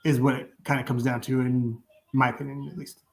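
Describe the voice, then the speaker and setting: A man's voice: mid-range voice, flat delivery, brisk, gravelly. Man talking reflectively as a guest. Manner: reflective, loose phrasing with fillers. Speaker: podcast guest. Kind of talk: casual conversation.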